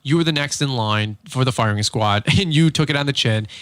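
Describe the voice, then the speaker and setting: A man co-hosts a relaxed business podcast, talking in a rambling, joking way and laughing often. His voice is bright and forceful, and the sound is dry and close. His pitch sits in the middle range. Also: fairly quick, clear, resonant tone, no room sound. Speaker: podcast co-host. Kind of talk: casual business chat.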